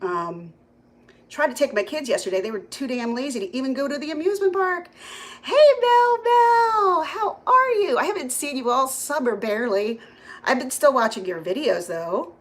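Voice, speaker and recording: A woman's voice: on the high side, expressive, brisk, rough recording. A middle-aged woman, chatting casually on a live stream from her phone at home, greeting viewers by name and laughing often. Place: home kitchen.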